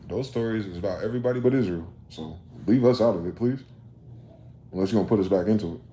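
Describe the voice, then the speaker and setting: Delivering a solo monologue rant, this male host fires off rhetorical questions with profanity and combativeness. His voice sits on the low side, dark in tone and quick. Faint noise and a roomy echo color the recording.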